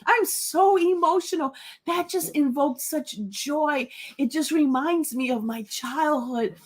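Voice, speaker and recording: A woman's voice: high-pitched, takes it slowly. A woman hosting a live book club chat, giddy and tearful with joy, laughing and reading viewer comments aloud. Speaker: livestream book club host.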